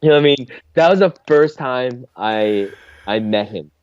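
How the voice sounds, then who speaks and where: A man's voice: mid-range voice, animated, moderate pace, a little mellow, highs cut off. A man from Philadelphia, a podcast guest, talking in a laid-back, slangy way, full of "yo" and "dude". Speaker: guest, former drift driver. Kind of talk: casual chat.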